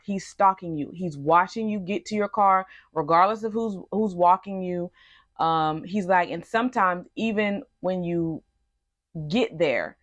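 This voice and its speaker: A woman's voice: lowish voice, fairly bright tone, no room sound. A young woman telling a personal story in a storytime vlog, earnest and emphatic. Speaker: vlogger.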